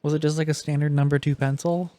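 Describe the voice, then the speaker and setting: A man's voice: fairly high pitch, level tone, fast, dark tone. A man co-hosting a podcast who chimes in with wry, teasing remarks, somewhat off-mic. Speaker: podcast co-host. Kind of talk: casual chat.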